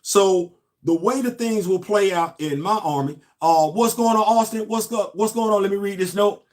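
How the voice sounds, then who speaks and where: A man's voice: high voice, moderate pace. Laid-back man chatting on a live stream. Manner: laid-back, talks straight to viewers, repeats phrases, trails off. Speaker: toy collector vlogger hosting a live stream. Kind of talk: casual live stream unboxing chat.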